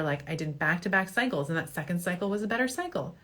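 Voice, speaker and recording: A woman's voice: on the low side, animated, fast talker, fairly bright tone. A middle-aged woman fertility doctor answering viewer questions in a casual, joking way, laughing at her own slips. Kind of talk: casual Q&A show.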